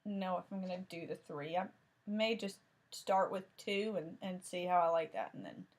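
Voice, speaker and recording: A woman's voice: on the low side, expressive, normal speed. A woman host casually showing her craft projects, thinking aloud with small restarts. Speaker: crafting vlogger. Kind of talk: casual show-and-tell chat.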